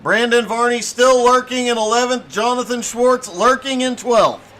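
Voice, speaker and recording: A man doing brisk play-by-play commentary on a sim race, with a voice he says is giving out. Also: very high-pitched, fairly even intonation, fairly bright tone. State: losing his voice.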